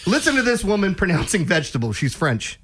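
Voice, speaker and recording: A man hosting a casual sports radio show, telling animated stories with frequent laughter. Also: sits high, quick pace, slight background noise. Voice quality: animated storyteller, laughs often.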